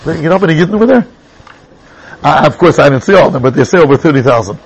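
A man's voice: fairly high pitch, lively intonation, quick pace, husky, highs cut off. A man teaching a class on a religious text, reading passages in Hebrew and explaining them in chatty English. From England. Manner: mixes Hebrew and Yiddish terms into English, chatty. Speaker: Torah teacher.

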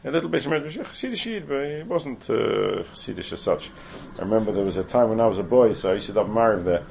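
An Englishman delivers a Talmudic lecture, reading the Hebrew aloud before explaining it in English and making asides along the way. He talks at a quick pace in a lowish, gravelly, slightly mellow voice with lively intonation. The recording is muffled and lo-fi, with slight background noise.

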